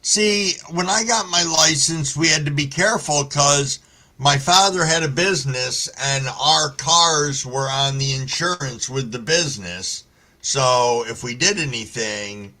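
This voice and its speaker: A male live-stream host with a bright, forceful voice at an ordinary middle pitch. He chats in a relaxed way and swears freely while telling stories. He also greets his viewers by name. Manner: laid-back storytelling, heavy swearing. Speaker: livestream host reading chat. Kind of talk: casual live-stream chat.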